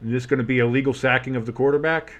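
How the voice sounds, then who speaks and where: A man with a deep, bassy voice doing casual, joking play-by-play commentary of a game, swinging from murmured asides to loud outbursts. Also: fairly even intonation, racing. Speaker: play-by-play host.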